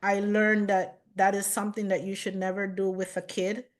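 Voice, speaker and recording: Woman guest, reflective storyteller, unhurried measured delivery, mid register. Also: medium pitch, flat delivery. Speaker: chef and guest.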